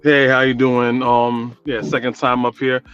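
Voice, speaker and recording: A man's voice: mid-range voice, level tone, unhurried, a bit bright, clean tone, dull audio, faint music behind. A man from New calling in to a radio talk show, talking casually at length with many fillers. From New York, Guyanese descent. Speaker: caller. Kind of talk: call-in radio chat.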